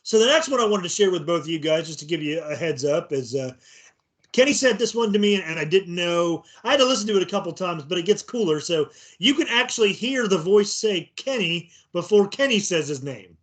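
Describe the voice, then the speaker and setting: A man co-hosting a podcast, chatting casually, excited and rambling, often repeating words. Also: high voice, fairly quick. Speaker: podcast co-host. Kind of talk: casual chat.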